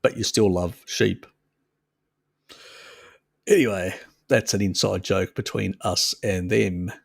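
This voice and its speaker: Slow, gravelly man chatting. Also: sits low, steady tone, no echo, clean studio sound. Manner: chatty, laughs often, swears, reads chat aloud. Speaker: live stream host. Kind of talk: casual live stream chat, answering viewers.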